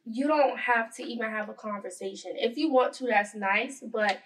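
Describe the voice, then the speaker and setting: A woman's voice: a little high, normal speed, recorded from a distance, low-quality recording. Earnest young-sounding woman, podcast chat. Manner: heavy use of "like", earnest. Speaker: podcast co-host. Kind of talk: casual chat.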